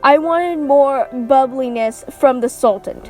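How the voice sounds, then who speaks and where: Faint music plays behind a woman vlogger whose voice is high, slow and a little mellow. Ranting casually about a movie, she swears, leans on sarcasm and performs the characters' quotes.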